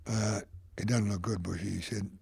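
A man's voice: fairly low pitch, steady tone, moderate pace, vocal fry, a little mellow, slightly rough, no echo. An older man, telling a rambling anecdote in an interview and acting out the voices of people he quotes. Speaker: photographer. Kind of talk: anecdotal storytelling.

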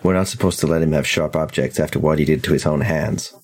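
A man voicing a brisk, stern male asylum orderly in a tabletop horror game. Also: rumbling low, pitched below the performer's own voice.

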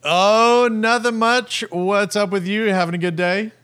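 A young man with a slightly higher voice, co-hosting a podcast. He tells stories in a loose, chatty way and drops "like" all through his talk. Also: steady tone, unhurried, fairly bright tone, smooth. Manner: chatty storyteller, many "like" fillers. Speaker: podcast co-host. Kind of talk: casual chat.

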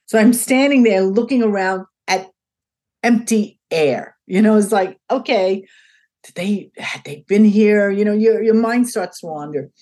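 An older woman with a husky, slightly breathy voice, talking as a guest in an interview. She tells her story casually and brings it to life by acting out what each person said. Her pitch sits in a middle range. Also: measured pace. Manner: animated, acts out quoted dialogue in changing voices.

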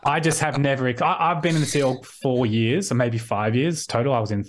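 A man's voice: mid-range voice, a little fast. Australian man as interview guest over video call; chatty, restarts often, acts out quotes. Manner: rambling with frequent restarts, acts out quoted voices. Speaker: podcast guest. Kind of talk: casual conversational interview.

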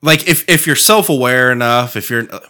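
A man's voice: medium pitch, moderate pace, pushed and bright. A man co-hosting a casual podcast chat, rambling, swearing and laughing often. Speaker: podcast co-host.

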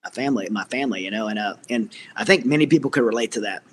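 A man's voice: lowish voice, rapid-fire, a little hiss or hum. A middle-aged man, a military veteran, earnestly telling his personal story as an interview guest, with many restarts.

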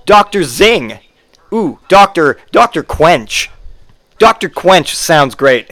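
Man, fairly high voice, sarcastic, jokey comedy podcast rant. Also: sing-song, slow, fairly bright tone. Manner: sarcastic, joking, mock-advertising voices. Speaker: podcast host.

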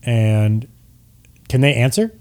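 A man's voice: medium pitch, sing-song, slow pace, darkish tone. A young man running a tabletop game, narrating in an easygoing way with plenty of fillers. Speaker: game master.

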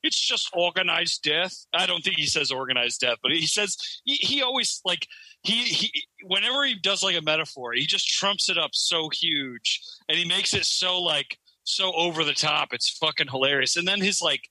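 A man's voice: on the high side, lively intonation, moderate pace, sharp tone, no room sound, low-quality recording. A man co-hosting a podcast, telling stories in a rambling, profane way and laughing mid-sentence. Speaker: podcast co-host. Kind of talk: casual banter.

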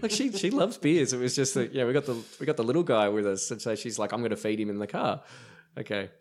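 A man's voice: medium pitch, animated, quick pace, a little mellow. A man with an Australian accent, a brewer on a podcast, telling rambling anecdotes in casual chat with lots of ums and restarts. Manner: rambling, filler-heavy anecdotes. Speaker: brewer guest.

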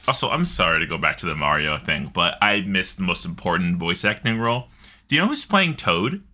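A man co-hosting a casual gaming podcast, excitable, jokey and profane. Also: sits low, a little fast, faint music behind. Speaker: podcast co-host.

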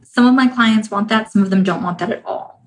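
A woman's voice: medium pitch, brisk, low-quality recording. Woman coaching in a chatty, direct way. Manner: conversational, often checks in with "right?" and "okay?"; acts out inner voices in quoted asides. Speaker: relationship coach and podcast host. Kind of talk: casual coaching monologue.

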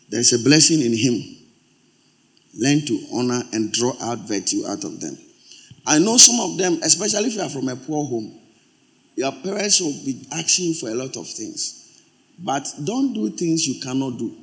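A man's voice: mid-range voice, lively intonation, moderate pace, gravelly, pauses often. A male pastor preaching a sermon, emphatic and repeating his exhortations.

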